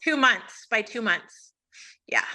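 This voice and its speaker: A woman in her forties, a mother and client in a reading, giving soft, brief replies. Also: on the high side, lively intonation, slow, low-quality recording. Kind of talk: conversation in a reading.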